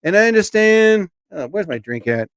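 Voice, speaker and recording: A man chats on his live stream in a loose, rambling way, greeting viewers by name as he goes. His voice sits a little high. The sound is dry and close, with no room echo. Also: very animated, normal speed, fairly bright tone, clear, resonant tone. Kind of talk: casual live-stream chat.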